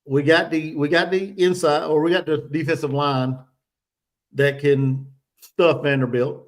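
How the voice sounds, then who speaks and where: Man, fairly high voice, halting host breaking down a football matchup. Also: fairly even intonation. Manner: hesitant, restarts a lot, full of ums. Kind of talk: casual sports chat.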